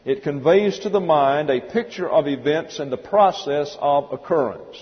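A man's voice: fairly high pitch, normal speed. A man preaching an expository sermon, emphatic, stopping to spell out Greek words letter by letter. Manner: emphatic, drills word by word, spells out Greek terms. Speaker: pastor. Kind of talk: expository Bible teaching sermon. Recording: dull, long-reverb church hall recording.

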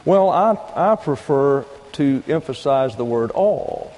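Guy preaching a sermon, point by point, mellow voice, big hall echo. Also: medium pitch, expressive. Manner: deliberate teaching with numbered points and read-out verses. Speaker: pastor.

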